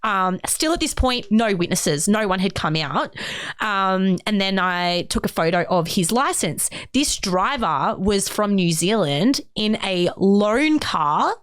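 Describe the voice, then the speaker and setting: A young woman on a podcast, telling a personal story in a lively way. She swears freely and acts out what other people said. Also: medium pitch, slow, clear, resonant tone, no echo, clean studio sound. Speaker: podcast co-host. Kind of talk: casual chat, personal storytelling.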